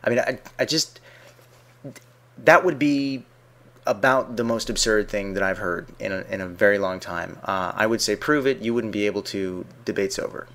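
A man with a somewhat low voice making a pointed case straight to his viewer. He argues with sarcasm and piles up rhetorical questions. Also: moderate pace, fairly bright tone. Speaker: video essayist. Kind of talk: argumentative video response.

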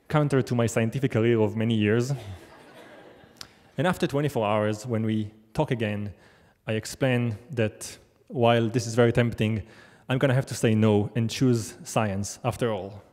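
A man's voice: medium pitch, a little mellow. A man telling a true story on stage in a wry, self-deprecating, conversational way. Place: large theater stage. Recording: long theater hall reverb.

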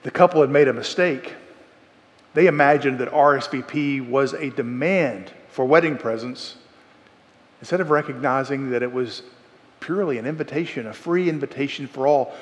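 A man's voice: mid-range voice, moderate pace. A man preaching an earnest evening sermon in a church, often restarting phrases and voicing quotes with emphasis. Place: church sanctuary. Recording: long hall reverb.

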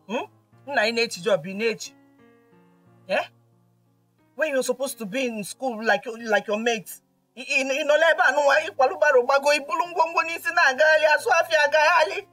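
A woman's voice: high-pitched, normal speed, fairly bright tone, no room sound. A middle-aged Nigerian woman acting in a film drama as a poor village mother, pleading with her son and mixing Igbo into her English. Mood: tearful. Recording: distant mic with faint music.

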